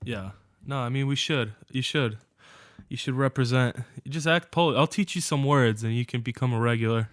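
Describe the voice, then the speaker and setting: A man's voice: mid-range voice, moderate pace, no echo, clean studio sound. A young man co-hosting a podcast, trading crude, joking banter in casual chat. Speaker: podcast co-host.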